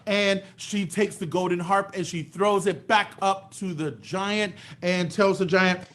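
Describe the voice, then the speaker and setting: A man who is a children's storyteller and music teacher narrates storytime in a sing-song voice, asking the kids questions and praising them. He speaks into a large microphone running through a voice box, with a high, fairly bright voice, a steady tone and a measured pace.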